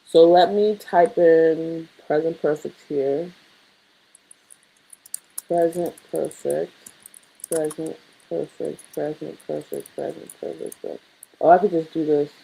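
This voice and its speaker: Slow low-voiced woman thinking aloud. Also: fairly even intonation, creaky, warm tone, slightly rough, rough recording. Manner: muttering, self-correcting, drawn-out practice phrases. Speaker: language learner building a study sheet. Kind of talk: casual screen-share lesson, thinking aloud.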